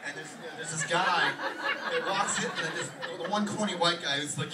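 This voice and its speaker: A man's voice: on the high side, distant mic, very noisy. A young man doing a rambling stand-up comedy set in a small pub, full of fillers. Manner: rapid rambling delivery with fillers. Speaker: stand-up comic. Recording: echoey bar room, mic from afar, loud crowd.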